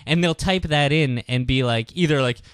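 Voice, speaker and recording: A man's voice: fairly high pitch, normal speed, a bit bright, smooth, no echo, studio quality. A man hosting a podcast, telling a story in casual chat and deadpanning both sides of a phone call. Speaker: podcast host.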